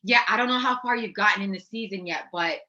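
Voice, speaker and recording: A woman's voice: mid-range voice, quick pace, bright, forceful tone, highs cut off. A woman, an actress and musician, chatting casually as an interview guest, acting out quotes and laughing often.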